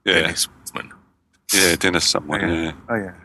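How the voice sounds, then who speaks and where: Brief: male podcast co-host, South London accent, bright edgy tone, rapid teasing delivery. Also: sits low, fairly even intonation, slight background noise. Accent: South London English. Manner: joking, teasing banter. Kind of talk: casual chat.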